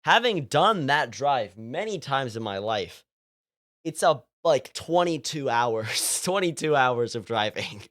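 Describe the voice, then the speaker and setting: A man's voice: mid-range voice, sing-song, takes it slowly, a bit bright. A young man from California chatting casually while streaming a game, rambling with lots of fillers and frequent laughs. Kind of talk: casual gaming stream chat.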